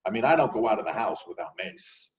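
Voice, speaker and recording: A man telling lively stories in a casual conversation. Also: lowish voice, fast talker, far from the mic, muffled recording. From New York. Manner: animated, acts out voices in his stories. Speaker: guest.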